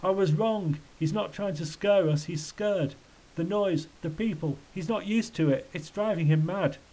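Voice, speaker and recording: A man's voice: high-pitched, moderate pace, warm tone, voice pushed up, poor audio. A man voicing a caring, earnest young boy in a storybook reading. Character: worried, caring schoolboy.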